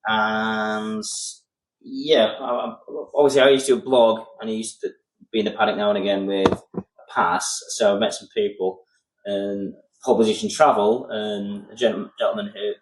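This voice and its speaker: A man's voice: lowish voice, little pitch movement, normal speed. A man co-hosting a podcast, chatting casually and chiming in often. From England. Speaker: podcast co-host. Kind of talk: casual chat. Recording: echoey room.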